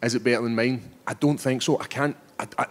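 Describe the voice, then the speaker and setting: A man's voice: medium pitch, steady tone, fast talker. Cheeky Scottish fighter in his thirties. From Scotland. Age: 30s. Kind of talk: post-fight press scrum.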